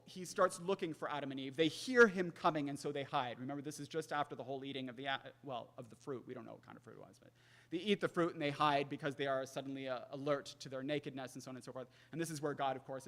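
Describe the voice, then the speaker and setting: A man in his thirties giving a public lecture, animated and acting out quoted dialogue. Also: medium pitch. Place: lecture hall. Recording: echoey hall with long reverb.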